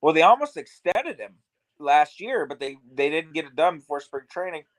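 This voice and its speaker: On a casual baseball watch-along podcast, a male co-host chats loosely, packing his sentences with "like." His fairly high, fairly bright voice swings widely in pitch at a normal speed. The recording is low quality but has no room sound.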